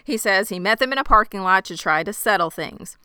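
A woman's voice: mid-range voice, a little fast, clean tone, no echo, clean studio sound. A young woman co-hosting a casual chat, recapping a story and acting out characters' lines with lots of laughter. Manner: animated, acts out characters' lines, laughs often. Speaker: podcast co-host recapping a game.

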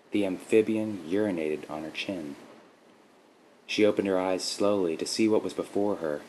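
A man narrating a short story in a steady, measured reading style, with faint background noise. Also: sits low, poor audio. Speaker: podcast host and story reader.

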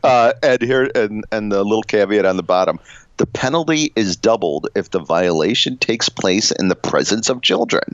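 A man with a fairly low voice and lively intonation talks at normal speed while co-hosting a podcast, joking around casually, rambling, breaking into his own sentences, and laughing frequently. There's no room sound in this dull, lo-fi, dry recording.

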